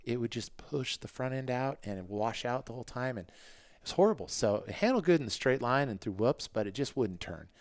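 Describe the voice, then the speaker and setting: A man in his fifties, a podcast guest, telling racing stories in a casual, animated way and acting out what people said. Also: fairly quick, no room sound, clean studio sound. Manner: animated, acts out quotes in a higher voice. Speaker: podcast guest, former motocross racer. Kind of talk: casual interview storytelling.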